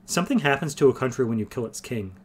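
A man's voice: mid-range voice, expressive, fast talker, slightly rough. A man voicing an earnest, thoughtful young man reasoning things out in a fantasy audiobook reading. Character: thoughtful earnest young male farm boy.

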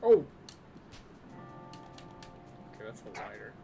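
Let's play gamer, excitable and sweary; mid pitch, game music behind. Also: male voice, normal speed. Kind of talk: gameplay commentary.

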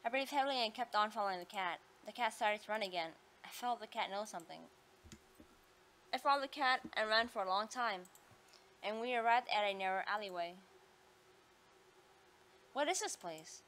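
A woman reading a story game aloud, acting out the heroine's lines with expressive delivery. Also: medium pitch, moderate pace, long pauses. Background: game music.

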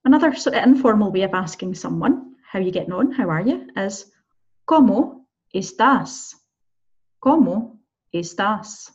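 A woman teaching a beginner Spanish lesson in a chatty, encouraging way, slowing down to model pronunciations and checking in with "okay?". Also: mid-range voice, expressive, a little mellow, breathy edge, highs cut off. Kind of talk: recorded online language lesson.

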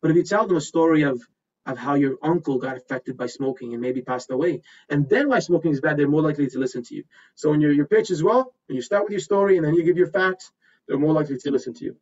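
A man teaching a presentation skills workshop in an energetic, repetitive way, often checking in with "right?". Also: fairly high pitch, quick pace. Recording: distant, slightly dull recording.

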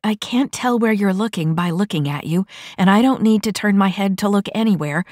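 A woman's voice: mid-range voice, fairly quick, darkish tone, no room sound, studio quality, voice pushed up, lightly acted. A woman voicing a nervous young female recruit in a mech body, asking hesitant, timid questions in an audiobook.

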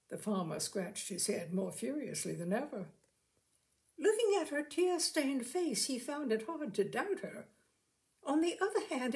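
A woman reading a short story aloud in a dramatic, lively storybook manner. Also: high-pitched.

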